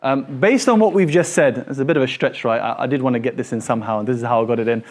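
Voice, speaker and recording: A man teaching a classroom lesson, quizzing his students with quick repeated questions in an animated way. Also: medium pitch.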